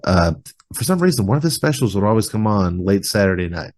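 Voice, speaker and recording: A man hosting a podcast in casual chat, relaxed and rambling, filling his talk with "like", over a video call webcam. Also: on the low side, a little fast.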